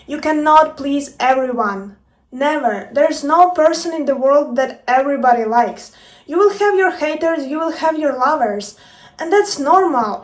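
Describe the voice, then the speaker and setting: Woman, life coach, casual motivational vlog, emphatic, roomy echo. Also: sits high. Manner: playful, emphatic, swears freely. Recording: echoey room, distant from mic.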